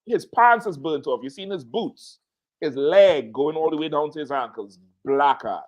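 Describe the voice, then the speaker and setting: Lively man telling a story. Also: on the high side, moderate pace. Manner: lively, calls others "brother". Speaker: show panelist. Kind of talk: animated casual storytelling.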